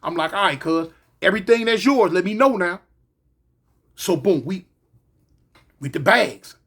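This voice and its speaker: A man telling a story in a casual, animated way, acting out the voices of the people in it. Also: sits high, measured pace, breathy edge.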